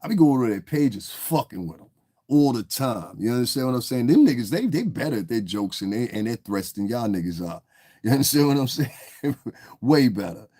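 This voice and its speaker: A man's voice: medium pitch, expressive, a little fast, warm tone, dry recording, clean studio sound. A man hosting a casual livestream, reading his chat aloud and ranting back at the trolls in a confrontational, profane, rambling way. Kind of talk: casual live-stream rant.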